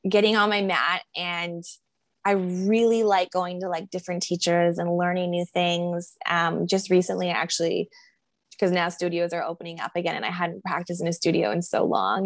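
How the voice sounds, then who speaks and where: A woman with a lowish, gravelly voice, musing aloud in a relaxed podcast interview. She rambles and reflects, leaning on fillers as she talks. The sound is dry and close. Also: dry recording. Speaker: guest, body acceptance coach.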